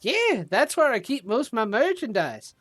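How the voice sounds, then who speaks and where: A woman running a tabletop game and voicing a merchant, halting and playful as she speaks. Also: on the high side, big pitch swings, no echo. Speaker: game master.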